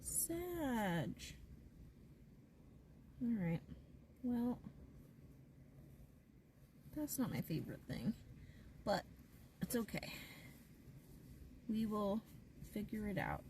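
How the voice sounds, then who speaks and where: A woman's voice: mid-range voice, very animated, extremely slow, pauses often, a little mellow, far from the mic, slight background noise. A woman live streaming from inside a parked car, chatting casually and rambling with lots of "like". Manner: chatty and rambling, heavy use of "like".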